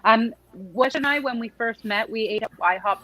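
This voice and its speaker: A woman's voice: fairly high pitch, moderate pace, fairly bright tone, low-quality recording. Playful, teasing woman from Canada. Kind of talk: casual chat.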